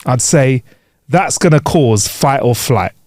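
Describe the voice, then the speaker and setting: A man reading quirky news stories aloud on a podcast and joking between lines. His pitch bounces around in a lively way. The sound is close and dry, with no room in it. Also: slow, no room sound. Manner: jokey, rambling, laughs while reading. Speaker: podcast co-host. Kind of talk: casual comedic news chat.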